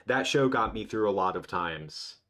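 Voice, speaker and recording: A man's voice: lowish voice, animated, normal speed, fairly bright tone. A man in his twenties hosting a casual livestream, rambling and reminiscing with lots of restarts. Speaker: livestream host.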